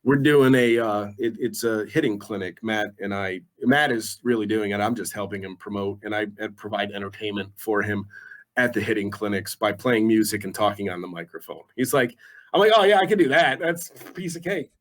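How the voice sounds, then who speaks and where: A man's voice: on the low side, fairly even intonation, a little fast. A man in his forties, a radio DJ guest, chatting casually in a laid-back, self-deprecating way. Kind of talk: casual chat.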